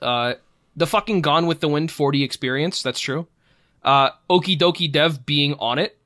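A man's voice: a little high, moderate pace, pushed and bright, dry recording, studio quality. A man hosting a podcast in casual chat, rambling and cursing in frustration. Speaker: podcast host.

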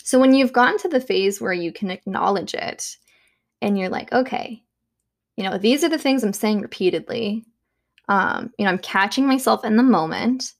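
A young woman at home talking casually about self-help, chatty and full of fillers, with soft laughs. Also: mid-range voice, lively intonation, moderate pace, creaky. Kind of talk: casual monologue.

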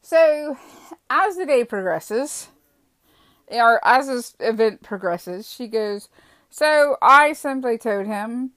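A woman's voice: a little high, slow pace, dry recording. Chatty British woman telling a story. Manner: chatty, animated storyteller who acts out quoted dialogue. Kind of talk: casual storytelling vlog.

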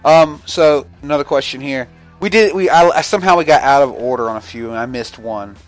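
A male podcast co-host talks in a loose, rambling way, full of swearing and jokes. His pitch sits in the middle range. Faint music plays behind him. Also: fairly quick. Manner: rambling, profane, joking. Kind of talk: casual chat.

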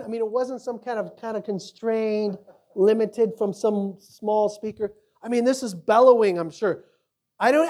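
A male pastor preaching a sermon, acting out quoted voices and swinging between loud emphasis and quiet asides. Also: very high voice.

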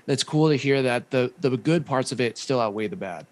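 A man's voice: medium pitch, moderate pace, no room sound. A man hosting a podcast with a Hawaiian accent, chatting casually and steering the conversation with lots of fillers. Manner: relaxed, filler-heavy, moderating the talk. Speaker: podcast host. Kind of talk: casual chat.

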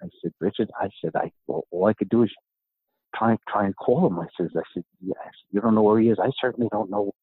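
A middle-aged man from New York tells a story in a podcast interview and acts out the voices of the people in it. His voice is low and husky. The sound is dry and thin, like a phone line. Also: fast, dry recording. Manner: animated storyteller, acts out quoted dialogue. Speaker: guest, author and gym owner.

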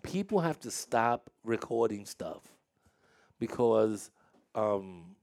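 A man's voice: fairly low pitch, very animated, slow pace, darkish tone. A man hosting a casual interview with young dancers, talking in a chatty, storytelling way with frequent laughs and restarts.

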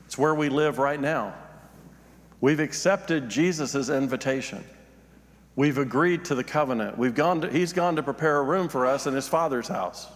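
A man's voice: medium pitch, normal speed, in a large hall. A man, a pastor, preaching a sermon, reading scripture aloud and then explaining it in plain talk, rising in emphasis on his points.

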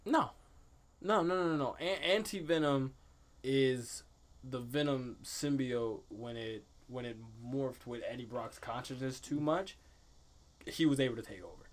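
A man's voice: medium pitch, a little slow. A man chatting casually on a podcast, laughing often and talking in slangy bursts. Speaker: podcast guest. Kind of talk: casual chat.

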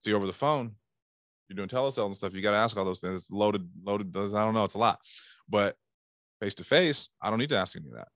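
Animated man coaching sales. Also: lowish voice, fast talker, dry recording, clean studio sound. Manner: animated, acts out calls in bursts. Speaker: sales trainer. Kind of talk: casual sales coaching talk.

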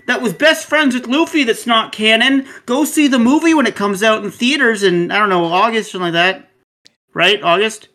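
A woman co-hosting a casual podcast, talking in an excitable, ranting way and swearing freely. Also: on the high side, normal speed. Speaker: podcast co-host.

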